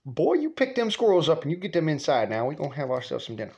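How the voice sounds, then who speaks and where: A man voicing a bossy, sharp-tongued older grandmother who barks scolding orders in a rural drawl. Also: sits low, very animated, fast talker. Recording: muffled lo-fi recording.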